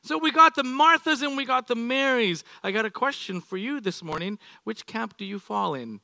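A middle-aged male pastor with a high, bright voice preaches in a lively, playful way. He acts out little everyday scenes for his congregation. The sound is close and dry. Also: normal speed, creaky, dry recording. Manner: animated, playful, acts out examples. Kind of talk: sermon. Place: church sanctuary.

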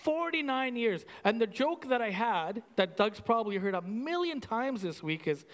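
A man from Canada preaching a casual, animated sermon to his congregation, repeating himself and saying "like" often. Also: very high-pitched, normal speed, in a large hall. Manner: animated, conversational, repeats phrases with many "like"s. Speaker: pastor.

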